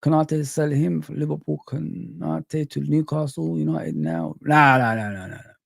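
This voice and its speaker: A man hosting a casual livestream, chatting lively and reading out and greeting his chat. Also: a little high, normal speed, creaky, no room sound, clean studio sound. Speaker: livestream host.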